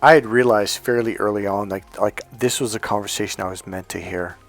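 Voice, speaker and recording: A man working as a life coach, telling a personal story in a loose, animated way, swearing freely and often breaking off mid-sentence. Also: lowish voice, fairly quick, soft background music. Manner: animated, profane, self-interrupting. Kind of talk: casual storytelling monologue.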